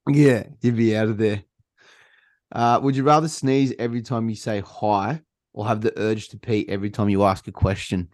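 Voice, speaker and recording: A young Australian man hosting a casual podcast chat, laughing often and swearing freely in relaxed banter. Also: fairly low pitch, normal speed, no echo, clean studio sound. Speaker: podcast host.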